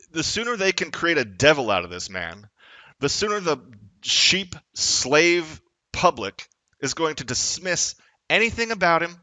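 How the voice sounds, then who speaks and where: Angry man ranting, bright and dry. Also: mid-range voice, no echo. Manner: angry, profane, rising to shouts. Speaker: vlogger. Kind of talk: confrontational political rant.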